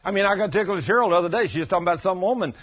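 A man's voice: high-pitched, racing, highs cut off. A man in his sixties preaching a folksy testimony sermon, telling stories and acting out the voices of the people in them. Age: 60s. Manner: animated storytelling, acting out quotes.

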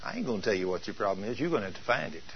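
A man putting on a low sneering demon. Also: big pitch swings, very fast, creaky, highs cut off, slight background noise. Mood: mocking. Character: mocking demon, taunting male spirit.

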